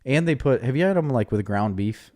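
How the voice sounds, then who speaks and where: A man's voice: medium pitch, expressive, a little fast, dark tone. A man co-hosting a podcast, chatting casually and laughing often. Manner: laughs often, easygoing banter. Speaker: podcast co-host. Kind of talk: casual chat.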